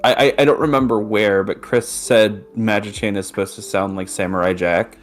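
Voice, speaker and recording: A man's voice: on the low side, fairly even intonation, normal speed, faint music behind. A man in a casual comic read-along, talking with hesitant, stammering restarts.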